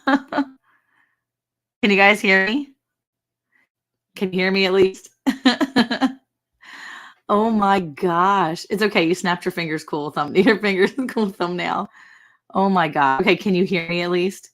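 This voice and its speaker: A woman's voice: medium pitch, measured pace, pauses often, fairly bright tone. A woman hosting a casual ranch livestream, chatty and laughing often as she greets viewers by name.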